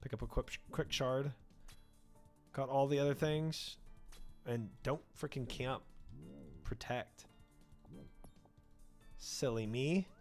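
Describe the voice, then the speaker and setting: A man's voice: mid-range voice, takes it slowly, long pauses, faint music behind. A man streaming a game, chatting casually with his chat and rambling, then trailing off into mumbled talk about the game. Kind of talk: casual gameplay chat reading chat.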